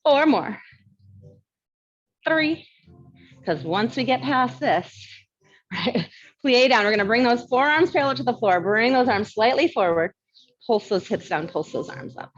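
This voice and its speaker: A woman's voice: fairly high pitch, lively intonation, measured pace, long pauses, muffled recording. Chatty woman coaching a barre class. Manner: chatty, laughs often, counts reps; mild lisp from new aligners. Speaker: barre fitness instructor. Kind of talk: live fitness class instruction.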